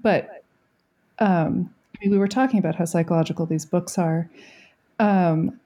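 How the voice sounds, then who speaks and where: A woman in a casual book chat, speaking thoughtfully and hesitantly with frequent fillers. Her voice is lowish, warm and mellow. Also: normal speed.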